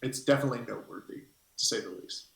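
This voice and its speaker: A man's voice: mid-range voice, very fast, creaky. A man narrating a tabletop game as game master, rambling and hesitant as he thinks aloud. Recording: echoey room.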